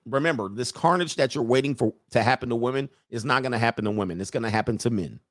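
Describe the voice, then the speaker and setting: Brief: male livestream host, animated and emphatic rant, mid-pitched voice, close dry sound. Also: quick pace, no room sound.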